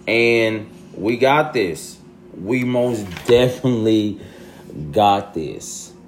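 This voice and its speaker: A young man talking casually to his followers in a loose, slangy way that sometimes climbs into loud, exasperated ranting. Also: lowish voice, very slow, a little hiss or hum. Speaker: social media creator. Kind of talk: casual vlog monologue.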